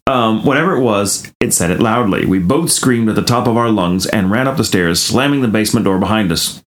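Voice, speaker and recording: Reading a listener-submitted ghost story on his podcast, this co-host speaks briskly in a lowish voice. He often stops to laugh and riff in animated asides.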